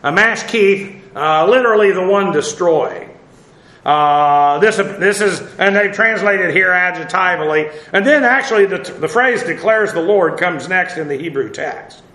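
A man teaches a Bible passage word by word, pausing on filler sounds and spelling Hebrew terms one letter at a time. His voice sits a little high for a man and comes across bright and forceful. The room around him rings with a clear echo. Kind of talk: verse-by-verse Hebrew word study.

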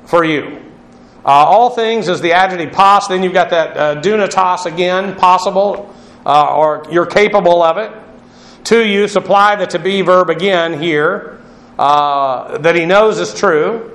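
A man's voice: high-pitched, fairly bright tone. A man giving a Bible lesson, explaining Greek words and spelling them out letter by letter. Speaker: Bible teacher. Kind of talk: classroom Bible lecture. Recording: echoey room.

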